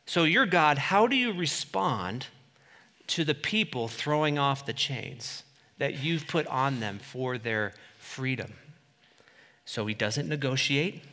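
A man preaching a sermon, swinging between loud, emphatic declarations and quiet asides. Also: mid-range voice, animated, slow, long reverb tail.

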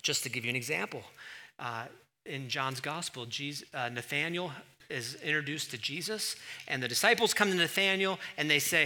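A man preaching a sermon in an animated, emphatic way, full of rhetorical questions. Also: fairly high pitch, moderate pace. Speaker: pastor.

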